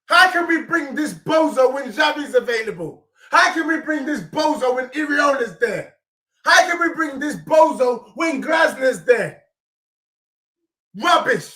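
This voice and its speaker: Hoarse young man, high and sharp-toned, shouting football rants. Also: animated, a little slow. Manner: ranting, often shouting. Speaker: fan channel host. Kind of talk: ranting football reaction.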